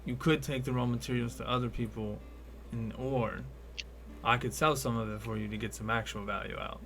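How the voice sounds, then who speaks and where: A man's voice: mid-range voice, steady tone, a little fast, fairly bright tone, faint music behind, close to an everyday voice. A man voicing an older male shopkeeper who is friendly and businesslike, haggling over prices in folksy merchant talk. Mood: bargaining.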